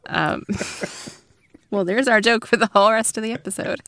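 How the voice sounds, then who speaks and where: A woman's voice: fairly high pitch, normal speed, a bit bright, no room sound. A woman co-hosting a podcast in casual chat, dry and amused, laughing easily. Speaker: podcast co-host.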